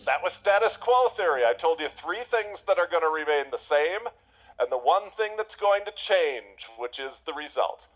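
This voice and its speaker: A male presentation coach teaches with energy, his voice sitting a little high. He fires rhetorical questions and swoops his voice up and down to demonstrate. The recording sounds muffled and lo-fi. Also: expressive, moderate pace. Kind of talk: teaching a sales presentation session.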